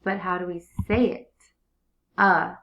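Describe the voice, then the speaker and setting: Woman, early reading teacher, slow and clear repetitive prompting, dull lo-fi sound. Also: on the low side, fairly even intonation, faint music behind. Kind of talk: early reading lesson for young students.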